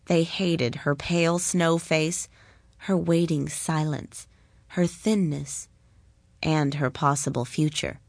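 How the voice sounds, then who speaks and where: Slow, measured woman reading a story. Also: deep voice, vocal fry, dry recording, studio quality. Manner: calm, measured and deliberate. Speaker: narrator. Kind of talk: storybook read-aloud.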